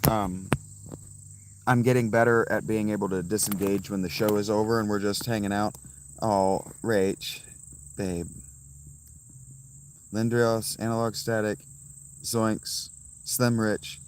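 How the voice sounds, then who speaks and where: A man in his fifties rambles casually to his livestream viewers, reading out their names as he goes. His voice sits a little low, and he talks from a phone outdoors with crickets chirping behind him. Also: fairly even intonation, takes it slowly, pauses often, slight background noise. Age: 50s. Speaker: livestream host. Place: outdoors by a fountain.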